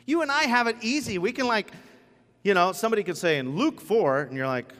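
A man preaching a casual, joking sermon as pastor, telling the story with lively asides. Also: sits high, a little fast, slight background noise. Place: church sanctuary. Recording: church hall with long reverb.

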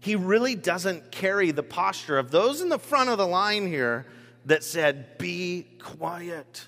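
A man preaching a sermon as pastor, in a conversational, animated manner with many restarts. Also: sits high, unhurried. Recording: echoey hall with long reverb.

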